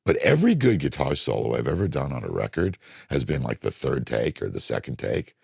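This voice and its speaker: A middle-aged record producer being interviewed, telling blunt studio stories and acting out moments from sessions. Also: male voice, very deep voice, brisk, gravelly, slightly rough, dry recording. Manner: animated, blunt storytelling that acts out studio moments.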